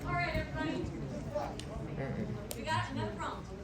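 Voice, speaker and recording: A young woman hosting a comedic improv convention panel, energetic and playful, often shouting and laughing. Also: high voice, a little fast, very noisy. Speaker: panel host. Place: large convention panel room. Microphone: handheld microphone, at a distance. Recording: echoey hall, far from mic, loud crowd.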